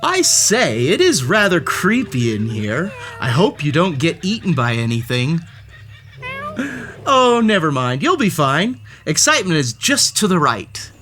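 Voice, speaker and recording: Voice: mid-range voice, wildly swooping pitch, a little slow, over music. A storybook read-aloud host narrating a children's story with playful, theatrical flair and speaking directly to the story's cat.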